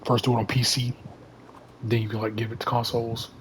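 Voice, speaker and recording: Flat-voiced man rambling about a game. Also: medium pitch, fairly quick, a little hiss or hum, low-quality recording. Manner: rambling, heavy use of "you know" and "like". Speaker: gaming YouTuber. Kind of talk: casual vlog commentary.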